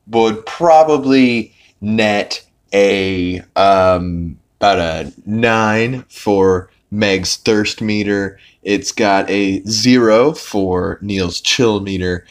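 A man's voice: on the low side, very slow. Rambling man recapping a cartoon episode. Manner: rambling, full of "like" fillers, swearing. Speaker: podcast host.

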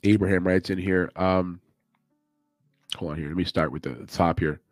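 A man's voice: deep voice, fairly even intonation, normal speed, no echo, soft background music. Chatty man hosting a betting podcast. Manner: loose, chatty, thinks aloud. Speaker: MMA betting podcast host. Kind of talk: casual chat.

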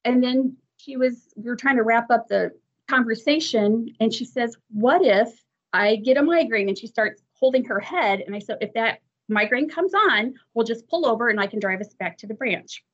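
A woman with a fairly high voice telling a long work story in a chatty, self-deprecating way, quoting what others said. She is a driving examiner. The audio is somewhat muffled. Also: normal speed. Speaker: drive examiner. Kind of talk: storytelling in an interview.

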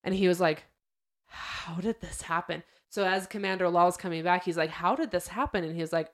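A young woman chats casually as a podcast host, with a fairly low voice. She retells events in a loose, lively way and acts out what people said. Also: moderate pace. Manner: chatty storyteller, acts out quotes.

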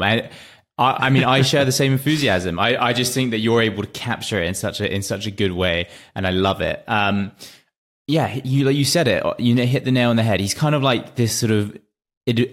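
A young man co-hosts a film-ranking podcast, talking in a loose, rambling manner. His voice sits a little low. He circles around his points before landing them. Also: moderate pace. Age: young adult. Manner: chatty, many fillers and restarts. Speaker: podcast co-host. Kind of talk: casual film-ranking chat.

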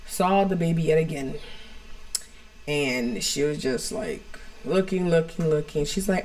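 A woman's voice: deep voice, a little slow, darkish tone. A woman co-hosting a podcast from home, telling a personal story in a frank, rambling way full of "like" and "you know". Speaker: podcast co-host.

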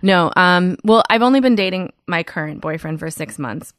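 A woman's voice: fairly low pitch, moderate pace, dry recording, studio quality. A woman comedian telling stories as a podcast guest, full of fillers and restarts. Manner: animated storyteller with many fillers and restarts. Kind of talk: casual podcast chat.

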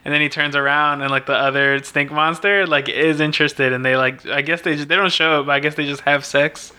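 A man's voice: a little high, steady tone, a little fast, sharp tone, smooth. A man chatting casually as a podcast co-host, laid-back, filling his talk with "like" and laughing often. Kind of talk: casual chat recapping a film.

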